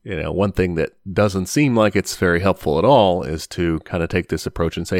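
Deep-voiced man in a dry, close recording. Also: a little fast, few pauses, dry recording. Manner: relaxed, rambling, hedging with "you know" and "I don't know". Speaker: podcast co-host. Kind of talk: casual chat.

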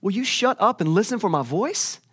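A man's voice: high-pitched, big pitch swings, normal speed, fairly bright tone, husky, pitched above the performer's own voice, full character voice. A man voicing God as an impatient figure who scolds people for giving orders instead of listening. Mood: exasperated. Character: exasperated almighty God scolding his people.

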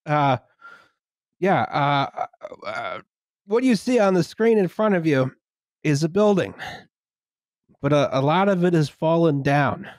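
A man's voice: fairly high pitch, lively intonation, measured pace, pauses often, a little mellow, dry recording. A man in his late twenties hosting a podcast, laid-back with a dry sense of humor in casual chat. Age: 20s. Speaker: podcast host.

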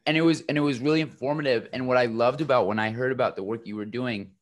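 A man's voice: medium pitch, fast talker. A man hosting an interview, supportive, asking long rambling questions full of fillers. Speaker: podcast host. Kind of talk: casual interview.

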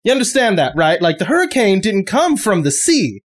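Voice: medium pitch, big pitch swings, normal speed, pitched above the performer's own voice. A game master voicing an exasperated, sarcastic male town sheriff who keeps repeating himself.

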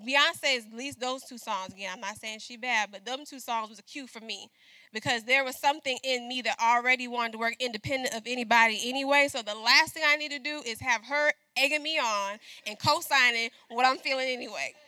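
A woman's voice: on the high side, a little fast, bright, forceful tone, no echo. A middle-aged woman preaching a sermon in a conversational style, calling out to the congregation and asking them to agree.

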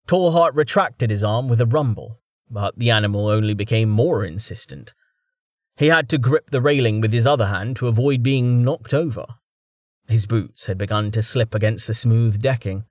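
A man with a medium-pitched voice narrates a fantasy audiobook from a script, calm and measured in his storytelling. The studio sound is clean, with no room echo.

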